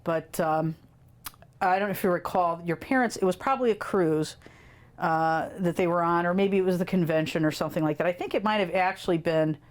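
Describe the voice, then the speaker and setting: Lower-voiced woman telling fond stories. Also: a little fast. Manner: animated, laughs often, quotes children in dramatic voices. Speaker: family friend interviewee. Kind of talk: casual storytelling in an interview.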